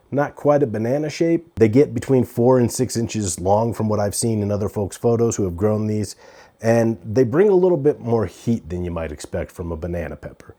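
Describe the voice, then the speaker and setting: A man chatting casually as he reviews a pepper from his garden, relaxed and talkative with fillers. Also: medium pitch. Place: outdoors in a garden on a hot day.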